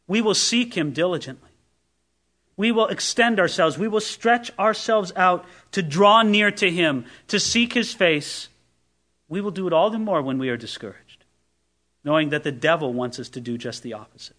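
A man's voice: high voice, expressive, moderate pace, a bit bright. A man preaching a sermon as pastor, asking rhetorical questions and reading scripture with emphasis.

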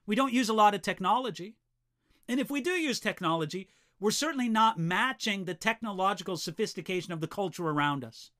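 Speaking to preachers and Bible teachers, a preaching instructor gives an earnest, direct teaching talk. His voice is high-pitched and a bit bright, and he often repeats a word as he begins a sentence.

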